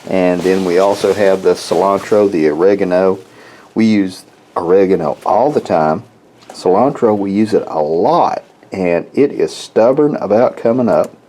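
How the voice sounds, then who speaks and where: A homestead vlogger gives a casual, folksy walk-through of his garden outdoors, rambling and often repeating words as he talks to viewers. His voice is low and warm, with a measured pace, and the recording is rough.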